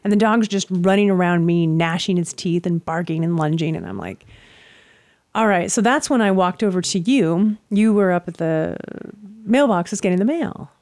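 Woman, lowish voice, animated storytelling, dry close sound. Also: moderate pace, no echo. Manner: animated, acts out quotes, swears freely. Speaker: storyteller in a couple's chat. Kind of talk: casual storytelling chat.

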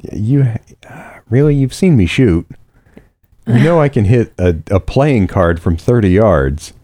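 Low dark-toned male co-host, wry and dry, swears casually. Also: lively intonation, a little slow, no echo. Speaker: podcast co-host. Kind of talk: casual chat.

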